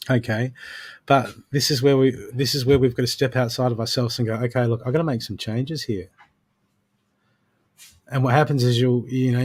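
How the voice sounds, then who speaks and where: A man's voice: mid-range voice, darkish tone. A man doing a live oracle card reading, coaching the listener directly and punctuating his advice with frequent "okay"s. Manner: coaching, repeats "okay" often; addresses the listener directly with pep-talk advice. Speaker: intuitive card reader.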